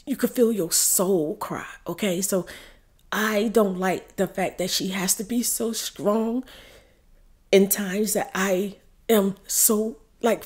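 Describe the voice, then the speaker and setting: A woman's voice: mid-range voice, a little mellow. Middle-aged woman, emotional vlog storyteller, tearful, slips into whispers. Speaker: ASMR story-time vlogger. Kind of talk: casual story time while doing makeup.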